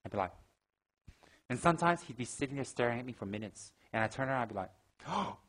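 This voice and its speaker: A man giving a Buddhist teaching, telling stories in an animated way and acting out gasps and quoted lines. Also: medium pitch, racing, rough recording. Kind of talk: dharma talk with anecdotes.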